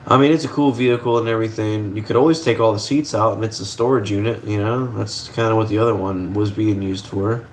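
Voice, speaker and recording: Young man with a lowish voice, laid-back livestream host rambling from his kitchen stove, casual swearing, faint background hum. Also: fairly even intonation, fast talker, few pauses.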